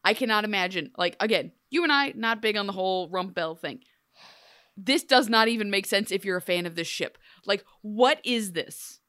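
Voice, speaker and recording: A woman co-hosting a casual TV recap chat, sarcastic and animated, with many "like"s. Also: medium pitch, moderate pace, no room sound, studio quality. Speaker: podcast co-host.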